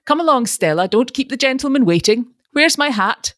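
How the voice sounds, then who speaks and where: A man's voice: extremely high pitch, lively intonation, normal speed, fairly bright tone, no room sound, studio quality, pitched above the performer's own voice. A woman voicing a pompous, fussy retired ironmonger, an older man who talks loftily and pities himself. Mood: lofty, fussy. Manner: lofty, fussy, self-pitying.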